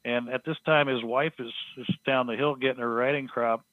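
A man's voice: mid-range voice, fairly even intonation, a little fast, no echo. A man, a guest in an interview, telling a story and acting out the quoted speech of the people in it. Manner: rambling storyteller who acts out quoted speech. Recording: tinny phone line.

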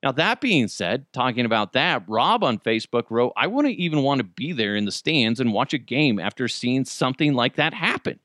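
A man hosting a solo commentary show, ranting with heavy swearing and swinging between loud outbursts and low muttered asides. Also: sing-song, moderate pace, few pauses, no echo, studio quality. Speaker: show host.

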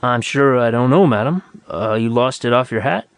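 A man's voice: mid-range voice, normal speed, no echo, close to an everyday voice. A man doing a lazy, offhand young clerk. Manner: casual, offhand, drawling. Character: lazy, sly young clerk of a transit office.

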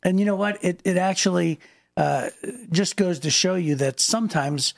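Man, gravelly voice, slightly high, rambling with fillers, casual Bible podcast. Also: normal speed, no echo, studio quality. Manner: rambling, many fillers and restarts. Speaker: podcast co-host.

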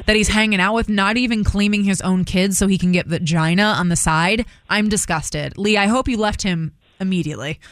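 A woman hosting a morning radio show, reacting in an animated, outspoken way. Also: mid-range voice, brisk, no echo. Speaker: radio host.

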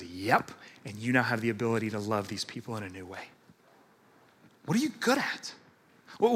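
A man preaching a sermon in a conversational, animated way, acting out the voices of people he quotes. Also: mid-range voice, husky. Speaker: pastor.

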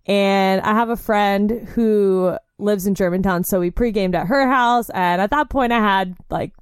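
A woman in her twenties telling a story in casual chat, swearing freely, saying "like" a lot, and getting animated when she quotes herself. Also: medium pitch, measured pace, clear, resonant tone, no echo, studio quality. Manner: chatty, profane, heavy use of "like", animated when quoting herself.

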